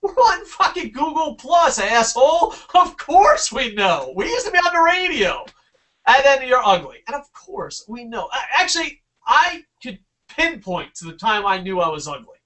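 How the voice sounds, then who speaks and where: A man's voice: extremely high pitch, very animated, normal speed, pushed and bright, recorded from a distance. Swearing, rambling young guy off-mic. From New Jersey. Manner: profane, rambling storyteller. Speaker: podcast co-host. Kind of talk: casual podcast chat.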